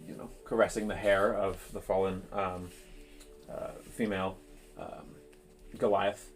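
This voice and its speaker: Man, game master, tabletop game narration, halting, lots of fillers, low voice. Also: flat delivery, faint music behind. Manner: halting, full of ums and uhs.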